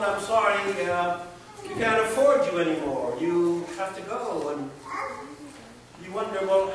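A man's voice: very high voice, a bit bright, recorded from a distance. Male preacher, storytelling sermon, light hiss, echoey church from afar. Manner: storytelling with dramatic pauses. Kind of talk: Easter sermon.

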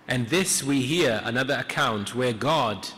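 A man preaching a sermon in a church, retelling a story in an earnest, reflective way with pauses. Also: medium pitch, bright, forceful tone. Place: church sanctuary. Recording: echoey church hall.

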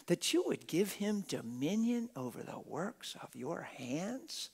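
Fiery preacher, whispers to shouts. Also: male voice, sits high, big pitch swings, measured pace, creaky, hardly any pauses, husky. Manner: dramatic swings from whispers to shouts; plain-spoken, street-style talk. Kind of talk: sermon. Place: church auditorium.

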